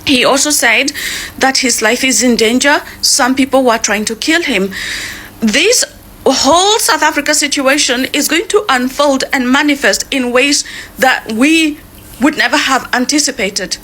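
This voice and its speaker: Bright high woman reporting commentary. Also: a little slow.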